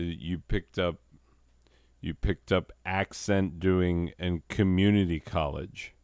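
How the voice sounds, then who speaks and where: A man's voice: lowish voice, dry recording, clean studio sound. Exasperated sarcastic male host. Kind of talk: comedic banter.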